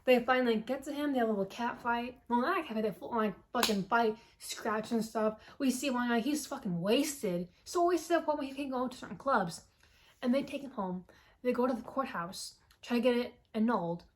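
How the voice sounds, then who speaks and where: A woman with a somewhat high voice recaps a movie in a loose, chatty way. She swears freely and jumps into characters' lines with lively emphasis. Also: fairly quick. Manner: animated, profane storytelling, acting out characters' lines.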